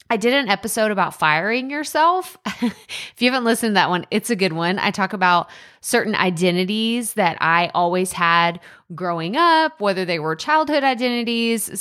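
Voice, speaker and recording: A woman's voice: medium pitch, fairly bright tone. A woman in her thirties with an East Texas accent, hosting a casual solo podcast in a chatty, self-deprecating way full of restarts and asides. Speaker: podcast host and coach. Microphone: podcast microphone.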